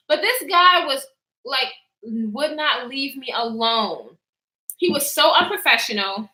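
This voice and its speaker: A young woman vlogger with a fairly high voice takes her time telling a casual story time in an echoey room. She's animated, acts out what people said, reads live chat, and laughs often.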